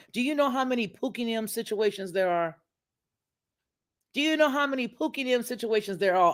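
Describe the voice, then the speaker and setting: A woman commenting on a video in a preacherly, emphatic way, quoting scripture as she goes. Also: a little high. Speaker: online commentator.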